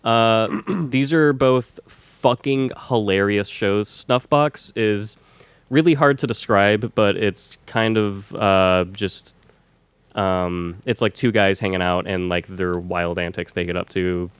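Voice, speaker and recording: A young man co-hosting a podcast, chatting in a laid-back way that rambles with lots of fillers. His voice sits a little low and sounds smooth and clear. The mic is dry and close. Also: slow pace, dry recording. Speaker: podcast co-host. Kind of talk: casual chat.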